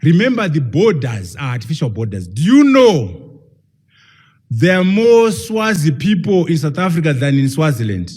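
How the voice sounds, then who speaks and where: A man's voice: fairly high pitch, sing-song, moderate pace, a little mellow, husky. A man, a professor, giving an emphatic public lecture and firing rhetorical questions at his audience.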